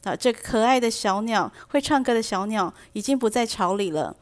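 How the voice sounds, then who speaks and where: A woman teaching vocabulary through a storybook, reading each line slowly and then translating and explaining it. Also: a little high, expressive. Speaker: English teacher. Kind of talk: bilingual storybook lesson.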